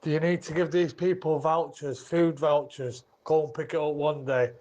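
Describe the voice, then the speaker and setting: A man's voice: a little high, steady tone, moderate pace, darkish tone. A man from Manchester calling a radio phone-in, forthright, speaking in clipped sentences. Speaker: caller. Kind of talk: phone-in call. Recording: dull lo-fi phone line.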